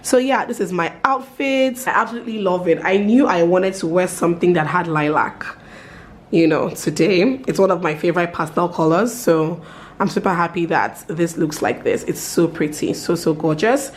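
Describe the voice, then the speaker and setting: A woman talks to her camera in a relaxed, upbeat home vlog. Her voice sits low for a woman, and she fills her chat with easy ums and asides. A faint hiss of background noise runs under it. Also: normal speed. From Nigeria. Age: 30s. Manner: chatty, upbeat, lots of fillers. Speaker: vlogger.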